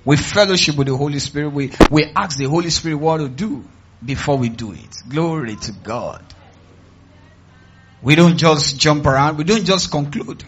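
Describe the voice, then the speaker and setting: A male pastor with a Nigerian accent preaches to his church in a husky, fairly high voice. He drives his points with call-and-response cries, dropping to low asides and then climbing to loud, emphatic peaks. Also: animated, moderate pace, poor audio. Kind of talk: sermon.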